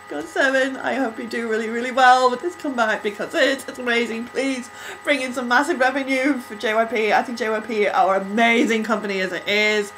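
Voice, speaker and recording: A young-sounding woman with a bright, sharp tone records an excited audio reaction. She gushes and stumbles over her words and is audibly out of breath. Faint hum sits underneath. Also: a little high, rough recording. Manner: excitable, gushing, flustered. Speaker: fan reacting to a music video.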